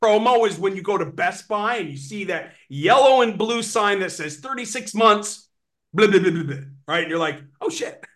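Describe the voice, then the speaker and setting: High-voiced animated male sales trainer. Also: normal speed. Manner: animated, acts out sales pitches. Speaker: webinar presenter on sales financing. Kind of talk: energetic sales training talk.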